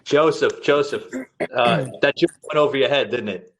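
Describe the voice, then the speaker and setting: A man's voice: mid-range voice, moderate pace. A man with a New York accent hosting a podcast, blunt and joking, often restarting his sentences. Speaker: podcast host. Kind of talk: casual chat.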